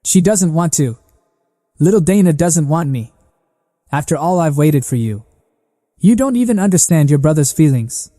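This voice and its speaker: A man's voice: fairly high pitch, animated, moderate pace, pauses often, dark tone, big-room sound, lightly acted. A man voicing a hot-headed boy who is a protective older brother, speaking harshly. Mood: sulky. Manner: harsh, accusing.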